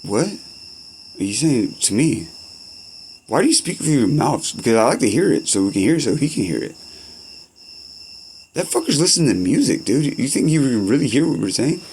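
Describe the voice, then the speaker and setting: A man's voice: mid-range voice, very animated, normal speed, pauses often, a little mellow, a little hiss or hum. A young man in rambling, profane comedy-skit banter, full of slang and back-and-forth.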